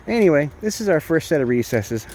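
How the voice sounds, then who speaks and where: A man's voice: very animated, a little fast, heavy background noise. A man who keeps birds, chatting casually on a vlog as he walks by an outdoor aviary. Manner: chatty, baby-talks to birds in a high voice. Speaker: bird sanctuary keeper.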